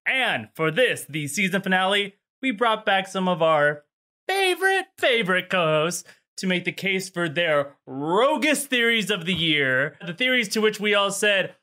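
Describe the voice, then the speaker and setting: A high, bright-voiced man hosts a comedy panel over a video call. He jokes and banters quickly with his guests. The mood stays casual and quick. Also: expressive. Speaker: host.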